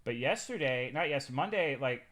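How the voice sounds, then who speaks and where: A man's voice: medium pitch, animated, fairly quick, a bit bright. A young man from Texas, a livestreamer chatting casually with his viewers in a loose, profane and joking way.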